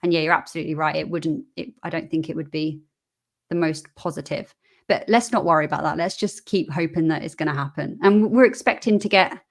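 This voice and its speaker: A British woman from the UK, a guest investor talking in a casual interview, agreeable and quick to laugh. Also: low-pitched, fairly even intonation. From United Kingdom.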